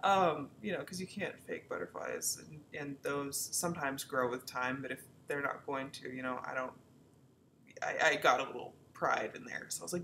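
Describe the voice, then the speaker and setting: A woman's voice: rumbling low, normal speed, a little hiss or hum. A young woman author telling a personal story in a casual vlog, frank and full of fillers, acting out quoted lines. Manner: chatty, frank, peppered with fillers and swearing; animated, acts out quoted lines. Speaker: romance author.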